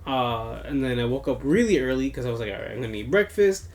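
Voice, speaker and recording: A man's voice: mid-range voice, animated, quick pace. A young man co-hosting a podcast in casual chat, tired and rambling, swearing often. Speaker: podcast co-host.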